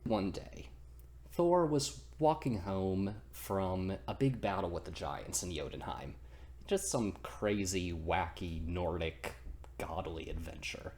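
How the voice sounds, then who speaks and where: A man's voice: low voice, expressive, slow pace, a little mellow. A man casually retelling a myth as a comedy, goofy and rambling, interrupting himself often. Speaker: storyteller, channel host.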